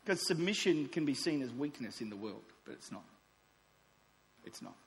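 A man in his forties preaching a sermon, with emphatic declarations and softer asides. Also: mid-range voice, big pitch swings, normal speed. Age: 40s. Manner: emphatic, swings between loud declarations and soft asides. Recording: long reverb of a large hall.

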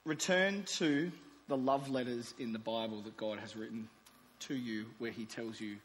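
A man in his forties preaching a sermon, with emphatic declarations and softer asides. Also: mid-range voice, moderate pace. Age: 40s. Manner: emphatic, swings between loud declarations and soft asides. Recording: long reverb of a large hall.

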